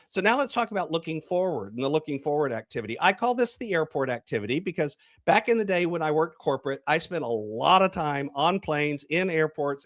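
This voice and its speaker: A coach and author tells a story in a podcast interview, acting out small scenes and dialogue as he goes. His voice is a little high, and the recording is dry with clean studio sound.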